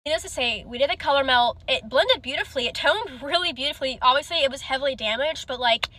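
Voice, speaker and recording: A woman's voice: sits high, expressive, fast, bright, forceful tone, a little hiss or hum. A woman hairstylist telling a storytime in a rambling way, full of "like" fillers. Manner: rambling, heavy use of "like". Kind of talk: casual storytime.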